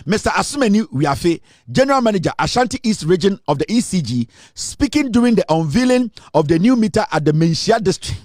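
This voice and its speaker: High-voiced mocking Ghanaian man. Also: sing-song, a little fast, hardly any pauses, a little mellow, dry recording, studio quality. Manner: mocking, sarcastic, laughs often; stumbles while reading news aloud. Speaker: political commentator. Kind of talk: live online commentary.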